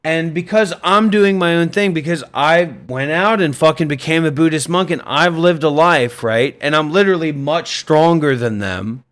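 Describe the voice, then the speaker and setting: A man's voice: fairly high pitch, moderate pace, hardly any pauses, fairly bright tone. A man hosting a livestream, ranting in an intense, profane and combative way. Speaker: livestream host, former monk. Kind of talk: livestream rant.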